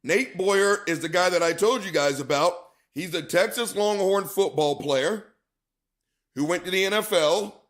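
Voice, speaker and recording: A man's voice: high voice, unhurried, fairly bright tone. A man co-hosting a show, talking casually and profanely to his viewers in a chatty storytelling way. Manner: chatty storyteller, profane, calls audience "gang". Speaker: show co-host.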